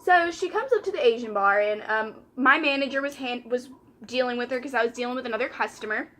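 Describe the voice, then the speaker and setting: A woman's voice: on the high side, fast talker, a bit bright. A young woman, chatting casually while doing her makeup and retelling a story by quoting customers and coworkers. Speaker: vlogger.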